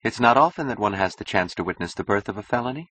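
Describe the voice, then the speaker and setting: A man's voice: fairly low pitch, expressive, fast talker, fairly bright tone, voice pushed up. A man voicing a cool, mocking young woman who speaks in a languid, ironic drawl.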